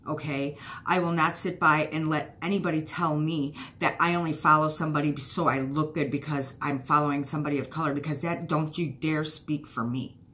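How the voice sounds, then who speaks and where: A woman's voice: deep voice, little pitch movement, brisk, sharp tone, a little hiss or hum. A woman YouTuber giving a heated, blunt vlog rant, swearing and hammering points with repetition.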